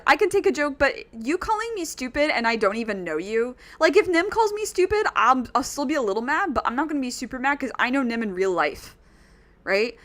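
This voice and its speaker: A woman with a fairly bright, higher-pitched voice streams a video game and talks casually with her viewers. Chatty and exasperated, she speaks straight to chat in a relaxed let's-play style.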